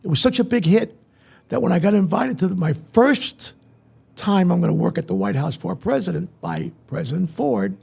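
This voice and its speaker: A man's voice: animated, moderate pace, creaky, a little mellow, husky. An older man, a veteran entertainer, telling stories in an interview and acting out the voices of the people in them. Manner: acts out quoted voices with big pitch swings. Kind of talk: animated storytelling in an interview.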